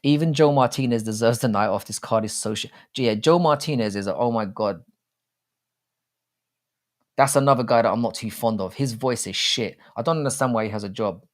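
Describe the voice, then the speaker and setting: A man's voice: mid-range voice, brisk. A young man hosting a casual live stream, rambling and swearing freely with many restarts.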